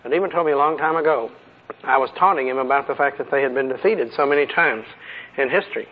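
A man's voice: mid-range voice, quick pace. A man preaching a sermon in a folksy, conversational way, asking his listeners rhetorical questions, on a muffled lo-fi recording.

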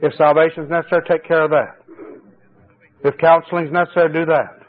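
A man preaching a fervent sermon at a church service, his voice swinging between high exclamations and low, confiding asides. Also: little pitch movement, quick pace. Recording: tinny old cassette tape recording.

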